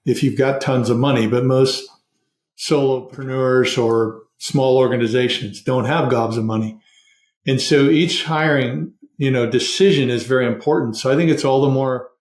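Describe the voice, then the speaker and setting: A man's voice: medium pitch, a little mellow, reverberant. A middle-aged man, a guest on a podcast, talking earnestly and steadily about hiring as a process. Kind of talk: conversational interview.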